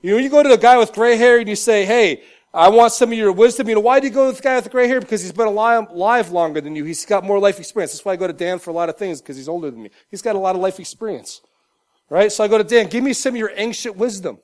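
A young adult male pastor preaching a sermon, animated, swinging from loud, shouted lines to quiet, joking asides. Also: sits high, racing.

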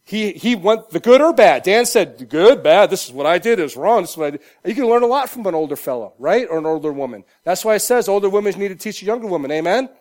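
A young adult man preaching a sermon with a notably high voice. He preaches with animation, rising to near-shouts and then dropping to quiet, joking asides. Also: expressive, fast talker, hardly any pauses. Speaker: pastor.

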